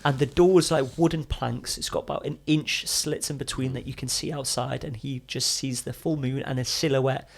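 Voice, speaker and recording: A young man tells a story on a podcast, animated and chatty, dropping casual swear words as he goes. His voice sits at a middling pitch. He is heard close on a studio mic. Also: moderate pace, gravelly, hardly any pauses. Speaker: podcast guest, adventurer.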